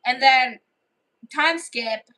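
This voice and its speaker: A woman on a livestream rambles through a made-up story, full of fillers and restarts. Her voice is high and bright. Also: extremely slow, poor audio.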